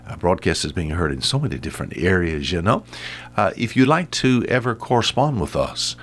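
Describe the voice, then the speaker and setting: Older man, folksy low-voiced radio preacher. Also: expressive, fairly quick. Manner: earnest, emphatic, folksy, often addresses listener as "my friend". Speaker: radio preacher and program host. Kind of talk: folksy radio Bible devotional.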